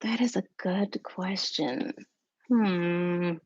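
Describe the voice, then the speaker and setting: A woman's voice: lowish voice, drawn-out words, a little mellow, husky, no room sound, highs cut off. A woman hosting a casual livestream, chatting with viewers and thinking aloud with fillers and little asides. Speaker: livestream host.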